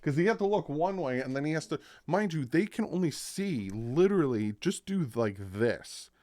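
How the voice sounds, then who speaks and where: A young adult man hosting a casual sports reaction, telling the story in an animated way and acting out what people said. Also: fairly high pitch, normal speed, no room sound. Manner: animated storytelling, acts out quotes.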